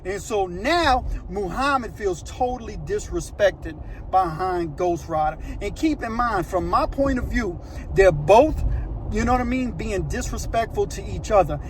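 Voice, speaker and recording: A man's voice: sits high, slight background noise. A man telling a story in a casual, slangy, conversational way, with frequent asides to the listener.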